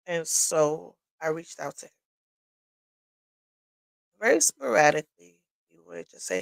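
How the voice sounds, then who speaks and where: A woman's voice: on the low side, slow pace, creaky, pauses often, no echo, poor audio. A woman hosting a livestream, telling her own story in a candid, emotional way, tearful and sniffling as she talks. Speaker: livestream host. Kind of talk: personal testimony talk. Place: home workshop.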